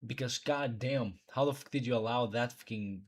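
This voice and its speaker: A man's voice: mid-range voice, moderate pace. A young man hosting a live reaction stream, ranting bluntly with plenty of swearing. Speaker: streamer host. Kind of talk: casual reaction stream commentary.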